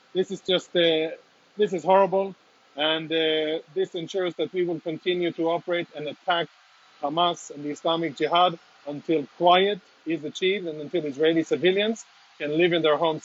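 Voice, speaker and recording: A man with a somewhat high voice speaks as a military spokesman, live from inside a damaged apartment. He talks earnestly and insistently, with a slight emotional edge. The audio is dull and lo-fi, like a phone livestream. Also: steady tone, normal speed. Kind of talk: live on-location statement.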